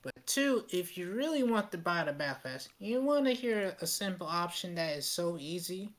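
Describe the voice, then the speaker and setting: A woman calling in on a voice call, making her case in a lively, persuasive way and walking through the numbers. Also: fairly low pitch, normal speed. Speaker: call-in viewer. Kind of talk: casual voice-call chat.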